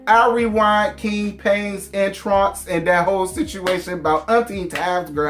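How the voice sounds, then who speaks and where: A man in his thirties with a sassy, animated manner and heavy slang, reviewing a reality show in casual chat. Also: high-pitched, a little slow, few pauses, soft background music.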